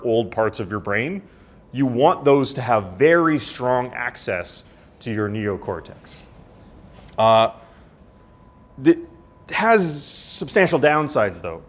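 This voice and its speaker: Man, university lecturer, casual explaining style, keeps asking "right?", mid-pitched voice. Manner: conversational, with frequent "right?" and restarts; acts out voices with sudden high outbursts.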